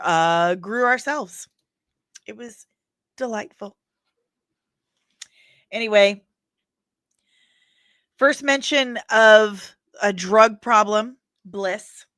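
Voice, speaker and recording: A woman hosts a casual pop culture news show and talks at an unhurried, slow pace. She is chatty and drifts into personal asides as she reads viewer comments aloud. The recording is dry and close, with no room sound. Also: medium pitch, a bit bright, no echo. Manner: chatty, rambling asides with laughs.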